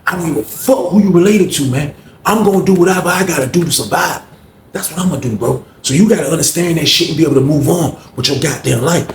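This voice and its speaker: A man's voice: on the high side, fast talker, a little hiss or hum, voice pushed up, natural voice. A man voicing a defiant, dismissive older inmate who curses and brushes off every complaint, in an echoey room. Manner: cold, brushing-off, cursing.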